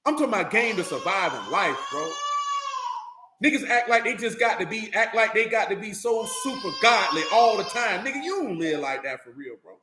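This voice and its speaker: Guy preaching bible stuff casual and loud, high voice, echoey room. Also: lively intonation, fairly quick, over music. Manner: emphatic, slangy, calls out to listeners. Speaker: Bible teacher. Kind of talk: scripture reading then casual preaching talk.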